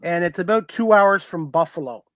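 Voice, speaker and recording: A man's voice: high voice, moderate pace, fairly bright tone, dry recording. A man hosting a live-streamed interview show in a dry, close-sounding voice. His tone is friendly and conversational, and he tends to ramble a little as he asks his guest questions. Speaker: talk show host.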